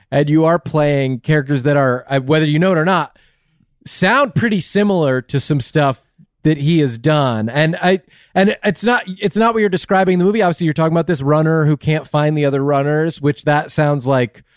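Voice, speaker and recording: Male host, deadpan, rambling questions, smooth voice, dry mic. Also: a little high, moderate pace, no echo. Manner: mock-serious, rambling questions. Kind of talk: deadpan comedic interview.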